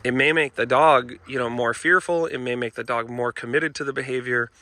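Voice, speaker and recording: A dog trainer speaks indoors with dogs close by, giving a casual, earnest lesson to the camera. His medium-pitched voice is brisk and sharp with fairly even intonation, and while explaining a point he keeps calling viewers "folks" and saying "you know."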